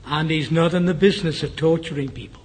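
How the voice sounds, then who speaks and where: Earnest older English preacher, husky voice. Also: male voice, a little high, fast. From England. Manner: earnest, drops to a hushed whisper for the dying man's words. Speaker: guest preacher. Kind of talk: sermon with a personal story.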